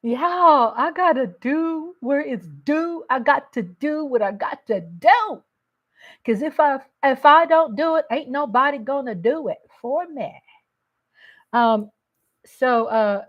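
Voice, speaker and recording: Slow, chatty woman livestream host. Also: sits high, animated. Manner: slow, chatty, sings snippets and calls viewers baby and darling. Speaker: livestream host reading chat. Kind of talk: casual livestream chat.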